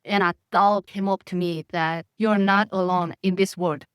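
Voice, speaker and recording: A young woman from North Korea with a Korean accent, telling a personal story in halting, candid English that often breaks into laughter. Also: on the low side, fairly even intonation. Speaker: vlogger. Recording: roomy echo, mic at a distance.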